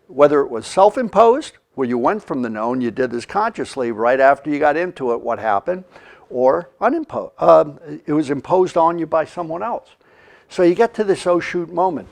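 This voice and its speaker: A man giving a motivational training talk on leadership, animated and leading the listener in call-and-response. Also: a little high, gravelly. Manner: animated, acts out quoted reactions, leads call-and-response.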